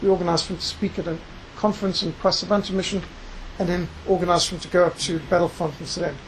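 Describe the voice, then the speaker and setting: An emphatic preacher delivers a sermon in a mid-range voice, weaving scripture readings into the message. Key phrases are drawn out slowly for weight. Faint background noise sits under the voice. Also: medium pitch, fairly even intonation, poor audio. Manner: emphatic, slows down to stress key words; reads scripture aloud within the talk. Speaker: preacher and missionary.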